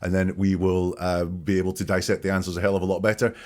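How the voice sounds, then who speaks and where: Measured low-voiced man analyzing. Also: flat delivery, darkish tone. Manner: measured, dissecting each phrase. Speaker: podcast host. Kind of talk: analytical commentary on interview clips.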